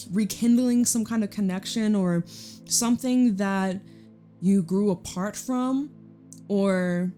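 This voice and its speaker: Here a young Canadian woman's mid-range, mellow voice carries a casual tarot reading aimed at the camera. Emphatic phrases get drawn out as she chats through her intuitive interpretation.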